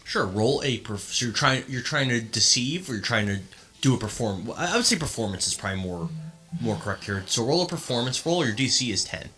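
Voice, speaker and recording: Bright-voiced male game master. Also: medium pitch, fairly quick, faint music behind. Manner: relaxed, explains with fillers and restarts. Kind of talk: running a tabletop game.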